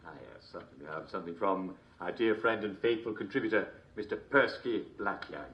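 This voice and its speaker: A man's voice: sits low, expressive, fairly quick, lo-fi sound. Man doing Uncle Jack, chuckling host. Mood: jovial. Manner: chuckles constantly, mock-cheerful and smarmy. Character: jovial chuckling male English TV host. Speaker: show host. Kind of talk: comedic character monologue.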